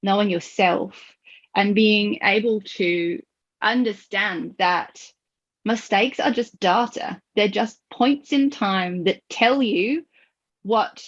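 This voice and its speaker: A woman hosting a podcast, telling stories with lively acted-out quotes and frequent laughter. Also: medium pitch, slow. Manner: animated storyteller who acts out quoted voices and laughs often. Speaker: podcast host. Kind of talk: conversational podcast discussion. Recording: dull lo-fi audio.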